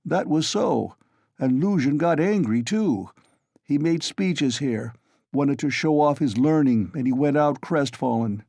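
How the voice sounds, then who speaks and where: Tipsy blustering young guy, loud and emphatic, mellow tone, as a male narrator puts him on. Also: fairly high pitch, expressive, unhurried, vocal fry, dry recording, studio quality, pitched above the performer's own voice, heavily acted.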